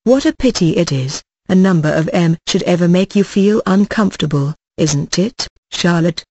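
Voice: mid-range voice, expressive, moderate pace, a little mellow, no room sound. A reader voicing a tipsy, sulky young male shop boy who whines and blubbers. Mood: smug. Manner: whiny, blubbering.

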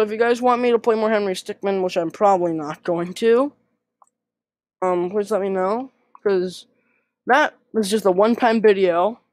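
A woman's voice: medium pitch, darkish tone, no room sound. Rambling self-deprecating woman gamer. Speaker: gaming YouTuber. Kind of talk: casual gameplay commentary.

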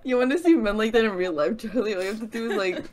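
A woman's voice: on the high side, fast talker, a little mellow. A young woman chatting casually with a friend, laughing, teasing and swearing casually. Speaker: friend reacting to videos. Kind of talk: casual chat.

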